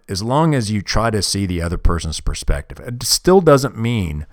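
A man's voice: lowish voice, dry recording, studio quality. A man in his forties hosting a podcast, talking bluntly and profanely in a rambling way, often restarting sentences. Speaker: podcast host. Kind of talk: casual podcast monologue. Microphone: podcast microphone.

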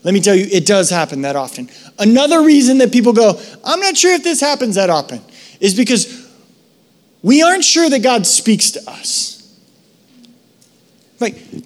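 Middle-aged male pastor, high voice, preaching conversationally with casual asides. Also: sing-song. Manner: casual, storytelling, quick asides. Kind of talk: sermon.

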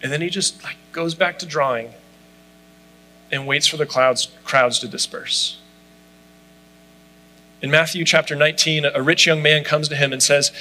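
A man's voice: a little high, steady tone, normal speed, sharp tone, low-quality recording. A man preaching a sermon in a conversational way, often saying "like" as he talks. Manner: conversational, frequent "like" fillers. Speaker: pastor.

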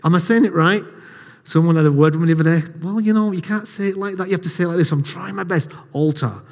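A fairly high-voiced man preaches in a casual, storytelling way, poking fun at himself. His voice rings out with a long reverb from the hall. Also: quick pace, a little mellow. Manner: jokey, self-deprecating storyteller. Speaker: lay preacher. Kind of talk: casual sermon to a congregation.

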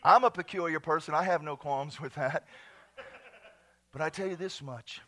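Exuberant high-voiced male pastor. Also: moderate pace. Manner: exuberant, swings from shouts to hushed tones, laughing. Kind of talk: sermon.

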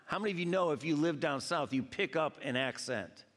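A man from Georgia preaching a sermon, telling animated stories and acting out quoted voices. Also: on the high side, fairly quick. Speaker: pastor. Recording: long hall reverb.

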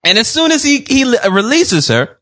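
A man on a podcast telling a funny story in casual chat, animated and profane, acting out quotes and laughing often. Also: extremely high pitch, moderate pace, no echo, clean studio sound. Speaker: podcast co-host.

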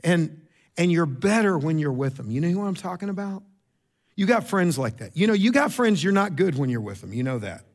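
This sermon comes from a middle-aged pastor with a sing-song, conversational delivery. He repeats himself, throws brief remarks to the congregation, and pushes his pitch and volume up for emphasis.

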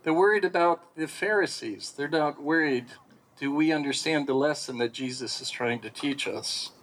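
A man's voice: on the high side, normal speed, fairly bright tone, slight background noise, poor audio. A man teaching a Bible lesson, reading verses aloud and asking rhetorical questions as he explains them. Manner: reads scripture aloud then explains it, asks rhetorical questions.

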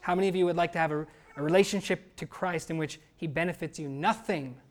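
A man's voice: on the high side, fast talker. Male pastor, earnest and emphatic sermon delivery, asks the room rhetorical questions.

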